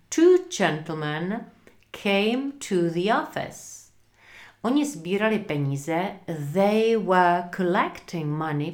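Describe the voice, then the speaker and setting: A woman teaching an English story lesson, reading a line at a time and asking and answering her own questions as she translates. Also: fairly low pitch.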